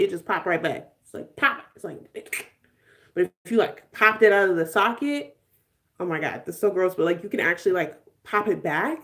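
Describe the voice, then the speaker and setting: A woman in her twenties with a fairly bright, mid-range voice hosts a relaxed live stream. Playful with her viewers, she laughs often and throws in slang.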